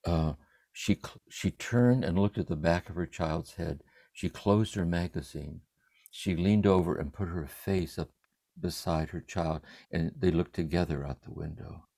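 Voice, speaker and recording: An older man speaking from a room at home over a livestream, giving a contemplative spiritual reflection in a meditative way, letting his phrases trail off softly. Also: low-pitched, measured pace, creaky, no echo. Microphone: livestream computer mic.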